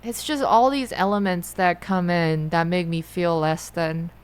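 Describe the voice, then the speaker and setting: A young adult woman talking through her feelings in a personal monologue, halting and often rephrasing herself. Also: lowish voice, steady tone, clear, resonant tone. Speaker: musician and host.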